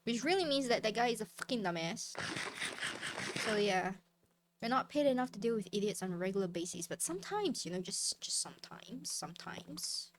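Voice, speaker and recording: A woman's voice: mid-range voice, animated, a little fast, background noise. A woman streamer chatting casually while gaming, ranting and swearing freely. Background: background music.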